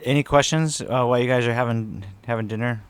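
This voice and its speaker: A man acting as game master, explaining rules with halting restarts. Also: medium pitch, fairly even intonation, smooth, dry recording. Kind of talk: running a tabletop role-playing game.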